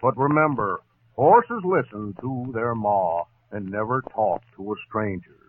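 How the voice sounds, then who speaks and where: A man's voice: lowish voice, animated, a little slow, slight background noise. An actor playing a joking, folksy male dog veterinarian in a 1940s radio comedy. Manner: punning, folksy. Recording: tinny old radio broadcast.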